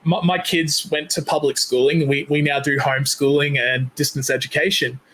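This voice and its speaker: A rambling man hosts a podcast chat, his voice sitting a little high for a man. He is in his thirties and often restarts and stumbles through fillers as he talks. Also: level tone, brisk, a bit bright. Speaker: podcast host. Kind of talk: casual chat.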